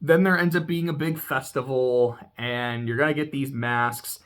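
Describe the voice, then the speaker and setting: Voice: medium pitch, steady tone, moderate pace. Laid-back, swearing game recapper. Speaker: YouTuber.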